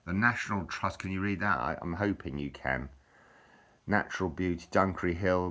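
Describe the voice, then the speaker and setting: A man's voice: low-pitched, normal speed, sharp tone. A man from England chatting casually over holiday photos, self-mocking and joking, with frequent restarts and laughter. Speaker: vlogger showing holiday photos. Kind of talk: rambling casual chat.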